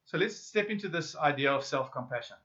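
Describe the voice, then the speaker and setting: A man leading a self-help workshop, speaking straight to his listeners with questions and pauses. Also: fairly high pitch, lively intonation, bright, forceful tone. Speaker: workshop facilitator. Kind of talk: guided self-help lesson. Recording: dull lo-fi audio.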